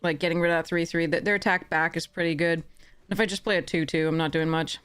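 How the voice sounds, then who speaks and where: A woman giving casual commentary while playing a card game, chatty, often correcting herself and slipping in quick apologies. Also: fairly low pitch, steady tone, fairly bright tone, clear, resonant tone, no echo. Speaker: game streamer.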